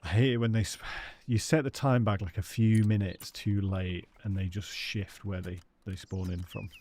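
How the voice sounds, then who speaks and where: A man's voice: fairly low pitch, steady tone, moderate pace, a little mellow. A British man live-streaming a hunting game, chatting casually with his viewers and greeting them by name.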